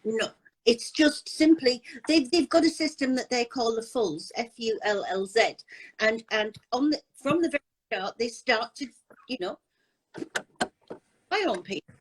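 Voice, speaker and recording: A woman's voice: fairly high pitch, lively intonation, measured pace, husky, rough recording. An older woman talking casually and bluntly about scammers on a live chat. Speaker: anti-scam advocate.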